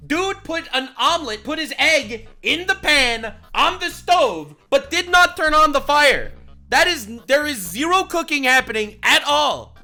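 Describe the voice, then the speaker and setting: A man's voice: very high voice, sing-song, measured pace, pushed and bright, faint music behind. A man commenting over a video, mocking and swearing.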